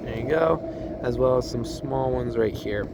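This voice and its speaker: A man working as a car salesman, giving a casual, upbeat walkthrough of a truck while laughing often. His voice is a bit hoarse, and he is recording outdoors on a cold car lot. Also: medium pitch, measured pace, very noisy.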